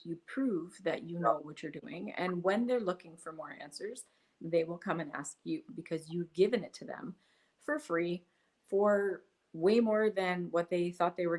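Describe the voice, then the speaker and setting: A middle-aged woman, a guest in a casual interview, talking enthusiastically about her online business and acting out little quoted exchanges. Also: mid-range voice. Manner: enthusiastic, animated storytelling with acted-out quotes.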